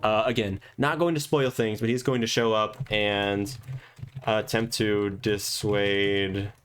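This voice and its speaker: A man's voice: on the low side, steady tone, measured pace, fairly bright tone, clean tone. A man acting as game master, thinking aloud as he rambles through plans for a tabletop session. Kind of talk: casual planning monologue.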